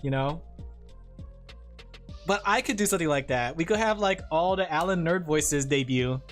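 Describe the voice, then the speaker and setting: A man's voice: fairly high pitch, moderate pace, fairly bright tone, faint music behind. A man streaming live, chatting casually in a giggly, rambling way.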